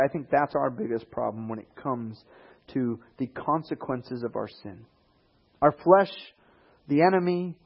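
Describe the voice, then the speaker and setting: A preacher with a slightly husky, somewhat high voice delivers an animated sermon, slipping into quoted voices and building rising emphasis. The recording sounds a little dull and lo-fi.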